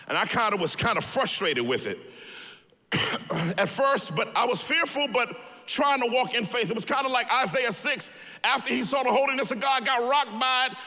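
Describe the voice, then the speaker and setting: A man pastor preaching a sermon, telling stories with humor in an animated way. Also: high voice, in a large hall.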